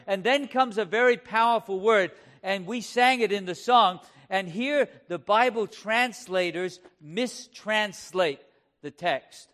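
A man with a notably high voice preaches with fervor. He fires rhetorical questions at his listeners and leans hard on key words, slowing down to stress them. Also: a bit bright. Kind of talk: sermon.

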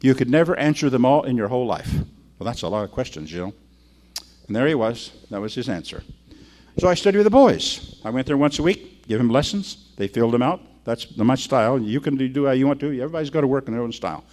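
A man's voice: medium pitch, animated, fast, darkish tone. An older man, a pastor, preaching in a folksy, conversational way and acting out the people in his stories. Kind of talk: sermon with storytelling.

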